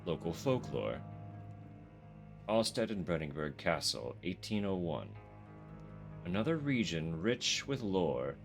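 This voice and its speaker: Deep-voiced Canadian man streaming a game. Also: very animated, unhurried, gravelly, pauses often, soft background music. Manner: chatty, self-deprecating, swears, laughs often. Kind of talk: live game stream, reading in-game text aloud.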